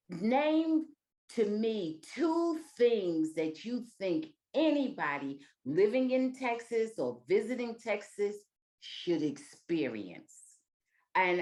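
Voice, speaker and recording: A woman in her sixties with a New York accent co-hosts a relaxed chat over a video call. She talks in an enthusiastic, rambling way, and her pitch rises and falls widely. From New York area. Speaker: co-host. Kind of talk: casual interview chat.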